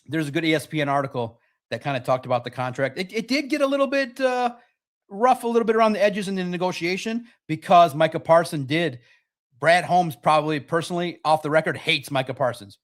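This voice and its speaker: A man hosting a football talk show gives his takes in a casual, joking way. His voice is a little high, expressive, and fairly quick.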